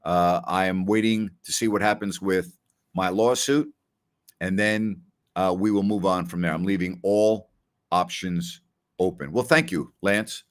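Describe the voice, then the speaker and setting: A man's voice: deep voice, a little slow. A middle-aged man hosting a casual live question-and-answer show, talking loosely with many "you know" and "I mean" asides. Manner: conversational storyteller, frequent "you know" and "I mean". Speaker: podcast host.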